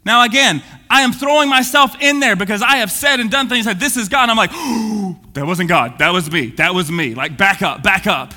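A man preaches with restless energy, his voice swinging from booming to hushed. His voice sits very high and sounds sharp and forceful. The long reverb of a church hall trails behind every phrase. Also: moderate pace, hardly any pauses. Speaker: pastor. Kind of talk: energetic sermon.

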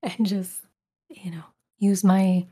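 A woman from Brooklyn with a softened New York accent, a guest talking in a whispered role-play style on an ASMR podcast. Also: mid-range voice, fairly even intonation, slow pace, breathy edge. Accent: neutralized New York. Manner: soft whispered chat with frequent laughs.

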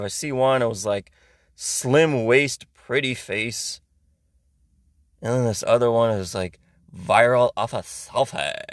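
A man's voice: fairly high pitch, fairly bright tone, dry recording. Ranting sarcastic man from Iran, dry sound. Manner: ranting, sarcastic, heavy swearing. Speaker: podcast host. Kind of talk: casual comedic monologue.

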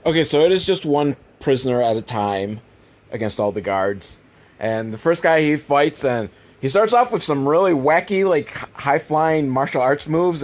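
A man talks through a film in loose, joking commentary, undercutting himself as he goes. His voice is mid-pitched and lively, swinging up and down as he rambles. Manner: rambling, self-deprecating, animated with voice impressions. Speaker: movie review host. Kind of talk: casual comedic movie commentary.

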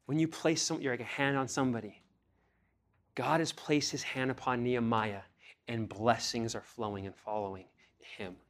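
A man's voice: medium pitch, steady tone, moderate pace. A young man preaching a sermon, reading scripture aloud and pressing his listeners with earnest questions, rising in emphasis on key phrases. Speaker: pastor.

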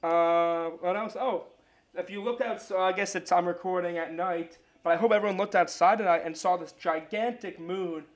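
A man's voice: high voice, steady tone, normal speed. A man hosting his own sports podcast solo, talking in a loose, chatty way with restarts.

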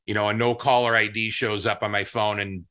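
A man with a fairly low but bright, forceful voice, appearing as a podcast guest. He tells his story with rambling excitement and acts out the lines of the people in it. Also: fairly quick, clear, resonant tone. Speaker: guest, soda business owner. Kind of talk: storytelling in an interview.

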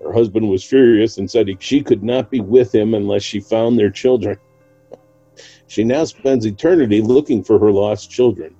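A man with a low, mellow and somewhat husky voice narrates an old legend on a podcast. His delivery is casual and chatty, broken by small laughs. The sound is dry and a little dull. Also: dry recording. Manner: reads a legend aloud with light laughs. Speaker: podcast co-host.

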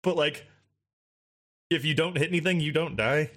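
A man's voice: a little high, moderate pace, a bit bright. A man co-hosting a podcast, chatting casually in a sarcastic, profane way. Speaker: podcast co-host.

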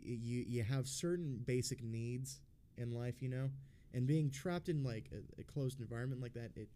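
A man with a mellow, dark-toned voice sits in the middle of the pitch range as he recounts a story to his podcast co-host. He rambles and swears nonstop in a blunt, unpolished way, often circling back with fillers and restarts. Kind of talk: casual storytelling.

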